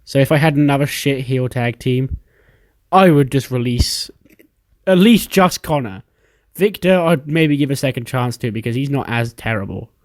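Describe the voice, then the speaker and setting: A man's voice: medium pitch, expressive, normal speed. A man casually narrating his own playthrough of a wrestling management game. He swears freely and briefly acts out the characters' lines as he tells the story. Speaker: game let's-player narrating a wrestling sim.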